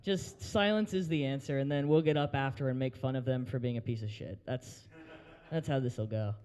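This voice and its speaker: A man's voice: mid-range voice, moderate pace, darkish tone, big-room sound. A young man hosting an open mic, doing a crude stand-up set and working the crowd in a brewery. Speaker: open mic host and comedian. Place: brewery taproom, live audience.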